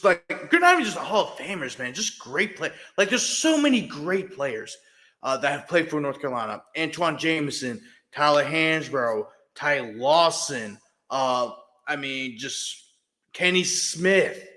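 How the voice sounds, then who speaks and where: A man's voice: fairly high pitch, sharp tone, in a large hall. A man hosting a sports podcast, talking casually with lots of fillers and restarts. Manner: chatty, heavy fillers and restarts. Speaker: podcast host, beat writer.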